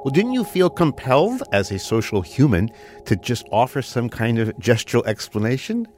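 A man's voice: mid-range voice, very animated, moderate pace, a little mellow. A male co-host asking wry, probing questions.

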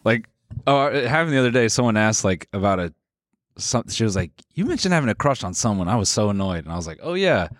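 Male co-host with deadpan one-liners, dry close mic. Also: fairly low pitch, fast, no echo. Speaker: podcast co-host. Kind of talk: casual comedic chat.

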